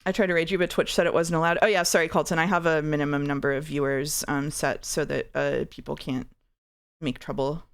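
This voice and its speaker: A woman's voice: low-pitched, fairly even intonation, a little fast, clear, resonant tone. A woman hosting a stream, chatting playfully and joking with a guest as they play music guessing games. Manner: playful, giggly, jokey. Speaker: streamer host. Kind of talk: casual chat while playing music games.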